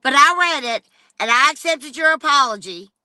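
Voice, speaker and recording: A woman's voice: high voice, expressive, moderate pace, sharp tone, no echo. A woman livestreaming an angry, profane rant straight at a rival. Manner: profane and confrontational, addressing a rival directly.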